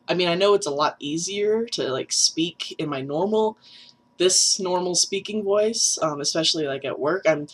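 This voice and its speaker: Young trans guy vlogger, nasal voice, chatty and self-mocking, loose and rambling. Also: high-pitched. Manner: chatty and rambling, many fillers, laughs at self. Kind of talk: casual vlog update.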